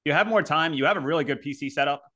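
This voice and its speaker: A man's voice: on the high side, racing, bright, forceful tone. A man co-hosting a podcast, chatting casually and teasing his co-host with profane banter. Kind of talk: casual chat.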